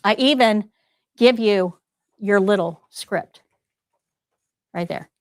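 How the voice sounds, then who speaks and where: A woman's voice: mid-range voice, takes it slowly, dry recording, clean studio sound. A woman instructor leading a live nursing-assistant test prep class, emphatic and direct, often asking the students questions. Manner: emphatic, talks straight to students with rhetorical questions.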